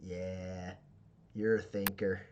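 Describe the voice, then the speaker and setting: A man's voice: deep voice, flat delivery, takes it slowly, highs cut off, slight background noise, voice pushed down. A man voicing a tough, commanding female gang boss who barks orders and threatens. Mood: sly. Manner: bossy, loud, threatening.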